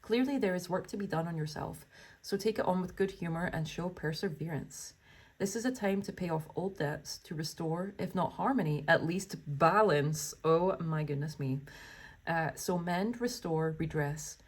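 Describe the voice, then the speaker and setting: A woman's voice: fairly low pitch, moderate pace. A woman giving a tarot reading, reading card texts aloud and chatting to viewers in a gushing, exclamatory way. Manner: gushing and exclamatory, full of wows and oh my goshes.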